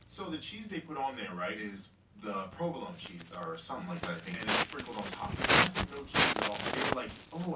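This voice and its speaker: A young man telling a rambling, profane story in a casual vlog. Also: medium pitch. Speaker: vlogger. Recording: roomy echo, far from mic, noisy.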